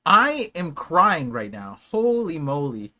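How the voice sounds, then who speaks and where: Streaming a watch party, this young man reacts with emotional bursts, sometimes whispering in awe and sometimes yelling. His pitch is on the high side and his pace is slow.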